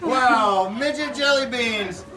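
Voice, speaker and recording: A costumed pirate storyteller at a faire improvises a silly comic tale with his audience, playful and apt to laugh mid-sentence. His voice is high and bright, he takes his time, and he is recorded from a distance outdoors amid steady surrounding noise.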